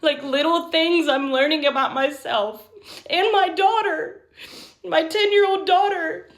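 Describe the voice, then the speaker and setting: A woman's voice: very high-pitched, unhurried. A woman in her thirties talking candidly and emotionally to camera in a personal vlog. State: tearful at times. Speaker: vlogger.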